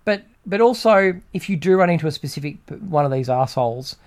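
A man's voice: a little high, expressive, brisk. A man, co-hosting a podcast and making emphatic points in casual political chat. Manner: emphatic, repeats himself. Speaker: podcast co-host.

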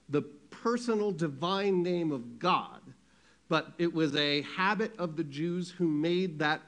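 A man delivers a sermon in a conversational way. His voice sits a little high for a man, and he keeps checking in with the congregation through questions. He leans hard on key phrases, then drops to a near hush. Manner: conversational preaching, asks the congregation questions, swings from loud to hushed. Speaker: pastor.

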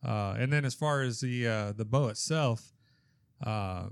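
A man talking as a guest on a casual podcast. He explains things in a plain, matter-of-fact way. His voice sits at an ordinary pitch and is recorded close and dry. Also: measured pace, clean tone, no room sound. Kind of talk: casual chat. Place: podcast studio room.

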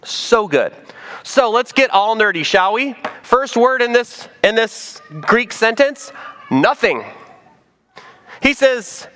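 A pastor delivers his sermon with real animation, his pitch swinging widely and sitting a bit high for a man. He teases and jokes, then drops to a soft, slow emphasis on his key points. The delivery stays casual and conversational. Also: expressive.

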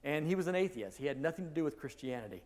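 A man's voice: fairly high pitch, expressive, very fast, a little mellow. Guy preaching in a church, chatty, fixes his words midway, big echoey hall. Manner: conversational, self-correcting, rising emphasis. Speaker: pastor. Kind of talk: sermon. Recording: long reverb of a large hall.

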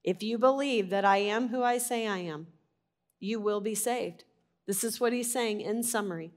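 A woman reading a Bible passage aloud and then explaining it in a conversational teaching style, stressing key words and now and then clearing her throat. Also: medium pitch, normal speed.

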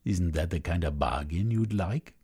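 A man's voice: deep voice, mellow, husky. A man voicing a cold, scheming villain. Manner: cold, measured, menacing. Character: cold scheming male villain bargaining with lords.

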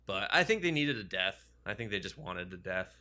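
A man in casual banter about superhero movies, joking and rambling, acting out characters in quick asides. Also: on the low side, sing-song, pushed and bright.

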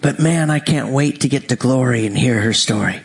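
A man preaching a sermon, telling the story with animated acted-out voices and frequent laughter. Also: mid-range voice, normal speed, gravelly, husky.

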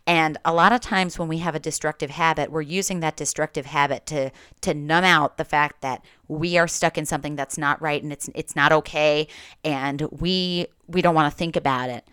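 Low-voiced woman telling a candid story. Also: fairly even intonation, normal speed, fairly bright tone, clean tone, dry recording, clean studio sound. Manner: candid, swears casually, frequent "like" and restarts. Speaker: podcast host. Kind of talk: confessional personal storytelling.

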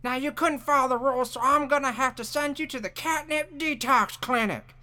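A woman's voice: sits high, fairly quick, bright, forceful tone. A woman voicing a strict ex-army chicken who scolds and bosses others around. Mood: scolding. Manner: bossy, scolding.

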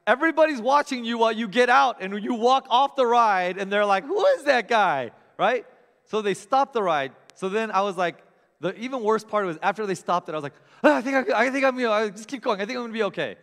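Animated man telling a story. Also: high voice, in a large hall. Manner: animated, self-mocking, acts out voices and sounds. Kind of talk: personal storytelling.

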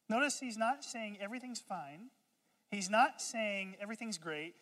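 A pastor preaching a sermon in a conversational way, calling on the congregation to repeat lines and breaking into lively asides. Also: normal speed. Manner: conversational preaching with call-and-response; animated, jumps high in pitch and loudness for humorous asides. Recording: long hall reverb.

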